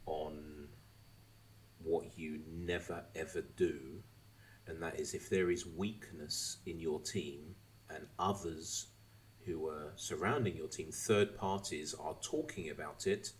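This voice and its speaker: A very deep-voiced man hosts a casual podcast chat. He rants with animated asides, slips into mocking voices and swears freely. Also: a little hiss or hum. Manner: animated, swearing, mimics others mid-rant. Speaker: podcast host.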